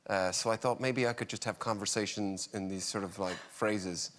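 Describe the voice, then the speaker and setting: A man chatting as a talk show guest, halting and full of fillers, making fun of his own efforts. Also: on the low side, steady tone, fairly bright tone. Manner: hesitant, self-deprecating, many fillers. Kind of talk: casual chat.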